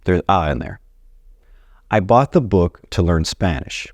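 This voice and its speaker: A man with a low voice gives a casual video lesson on Spanish grammar and talks straight to his viewers in a friendly, chatty way. The sound is dry and close, with no room in it. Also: expressive, measured pace, no echo. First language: English. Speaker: Spanish teacher.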